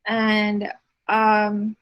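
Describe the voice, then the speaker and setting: A woman giving an art lecture over slides, unhurried, with frequent fillers and restarts. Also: mid-range voice, monotone, clean tone, dull audio.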